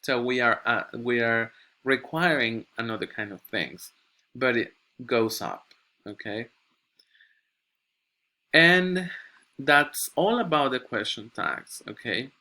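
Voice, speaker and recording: A man teaching a recorded English grammar lesson, speaking at a slow, deliberate pace. His tone is bright and forceful. He reads example sentences from the book aloud and often checks with his students. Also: mid-range voice, animated. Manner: checks in with frequent "okay?".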